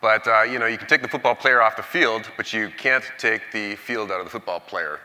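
A man in his sixties from Canada, giving a public science lecture in a big auditorium with a jokey, energetic manner. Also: fairly low pitch, brisk. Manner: jokey, energetic, leads the audience in cheers. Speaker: guest lecturer. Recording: long auditorium reverb.

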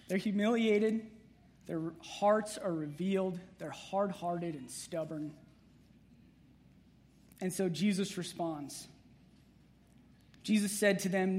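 High-voiced pastor giving a joking sermon. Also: male voice, animated, a little slow, pauses often, fairly bright tone. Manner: conversational, humorous, with playful asides to the congregation.

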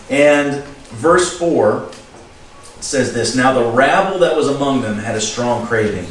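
A middle-aged man preaching a sermon in a relaxed, conversational way, reading scripture and adding chuckling asides. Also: medium pitch, measured pace. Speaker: pastor. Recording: very echoey room, distant mic, faint noise.

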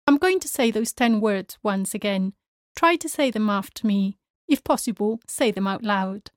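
A woman teaching pronunciation at a very slow, deliberate pace, saying each word carefully and clearly. Her voice is recorded close and dry, with no room echo. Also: medium pitch. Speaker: Spanish teacher and podcast host. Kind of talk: slow, clearly spoken language lesson.

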